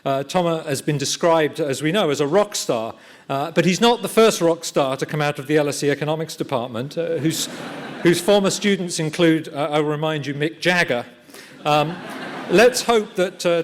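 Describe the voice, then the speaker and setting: A man chairing an event in a lecture theatre, giving a formal, measured introduction with frequent "uh" pauses. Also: on the high side, slight background noise.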